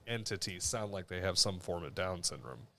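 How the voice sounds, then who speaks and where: Low-voiced, agreeable man co-hosting. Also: animated, moderate pace, gravelly, pushed and bright. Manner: agreeable, backchannels often. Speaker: podcast co-host. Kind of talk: casual chat.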